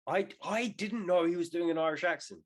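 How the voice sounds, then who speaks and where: A man's voice: high voice, fairly quick. A young man co-hosting a podcast in casual chat, rambling and swearing with jokey asides. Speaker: podcast co-host.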